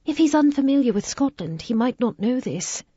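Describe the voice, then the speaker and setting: A woman voicing a gracious, calm and curious lady in a storybook reading. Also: fairly high pitch, normal speed, breathy edge, no echo, muffled recording, voice pushed up. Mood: composed.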